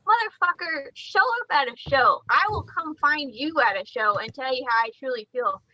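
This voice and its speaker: Her voice is high-pitched and moderately paced, captured in lo-fi sound with slight background noise. A reptile breeder on a casual podcast, she's blunt and foul-mouthed, acting out quotes as she tells animated stories.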